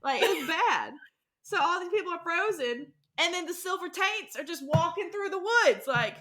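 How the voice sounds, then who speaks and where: A young woman co-hosting a casual book podcast, animated and laughing often as she acts out characters in quick quoted voices. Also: very high-pitched. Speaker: podcast co-host. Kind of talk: casual chat about a book.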